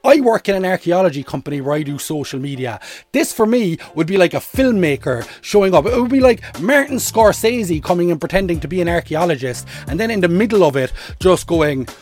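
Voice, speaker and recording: An Irishman hosts a solo comedy podcast, rambling animatedly and swearing freely as he tells stories. His voice is high-pitched and a little fast, with faint music in the background.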